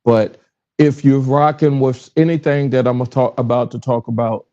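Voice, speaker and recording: A man's voice: mid-range voice, fairly even intonation, normal speed, warm tone. A middle-aged man from Richmond, Virginia, with a Southern accent, hosting a podcast livestream alone in casual, rambling talk that keeps interrupting itself. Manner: rambling, self-interrupting, fumbles with his stream setup. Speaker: podcast host. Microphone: livestream with phone recording. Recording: slightly dull, lo-fi livestream audio.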